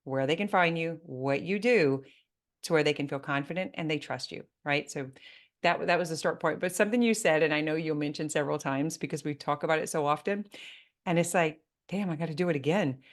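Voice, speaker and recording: A woman's voice: deep voice, a little fast. A woman hosting a business interview, speaking emphatically and turning to address the listeners as a coach. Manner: animated, emphatic, talks directly to listeners. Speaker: business coach and podcast host.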